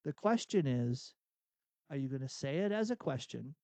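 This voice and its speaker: A man's voice: mid-range voice, lively intonation, moderate pace, gravelly, mellow, dry recording. A man hosting a Catholic radio talk, speaking earnestly and acting out inner dialogue as he preaches. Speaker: radio host and executive coach.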